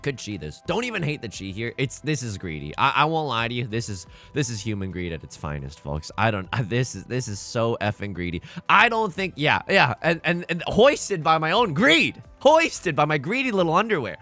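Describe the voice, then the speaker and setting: A young man giving casual, self-mocking commentary over a mahjong game, jokey and animated. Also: medium pitch, normal speed, few pauses, faint music behind. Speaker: mahjong streamer. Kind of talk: casual let's-play commentary.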